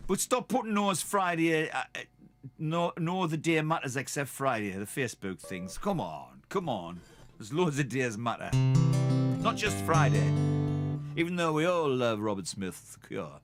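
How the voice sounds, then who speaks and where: A man's voice: fairly high pitch, lively intonation, moderate pace, loud music behind the voice. A man with a Geordie accent, hosting a live stream and chatting in a rambling, self-mocking way to his viewers. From North East England. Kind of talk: casual chat to viewers.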